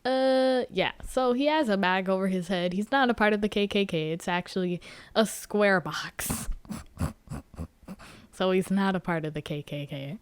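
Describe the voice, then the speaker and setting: A woman's voice: medium pitch, moderate pace, clear, resonant tone, no room sound. A woman hosting a podcast, recapping a book in a casual, joking way with free swearing. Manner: animated, joking, swears freely. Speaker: podcast host.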